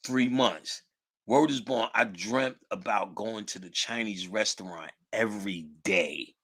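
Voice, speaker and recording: A middle-aged man telling casual stories in a lively, profane, slangy way, laughing often. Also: fairly low pitch, measured pace, husky. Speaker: guest storyteller. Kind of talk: casual storytelling.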